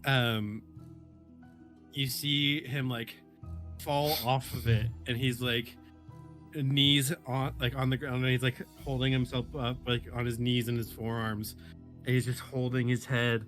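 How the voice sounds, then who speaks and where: A man's voice: mid-range voice, level tone, a little slow, a bit bright, soft background music. Man rambling through a game scene. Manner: rambling, lots of "like" fillers. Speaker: player describing his character. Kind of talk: casual tabletop game play.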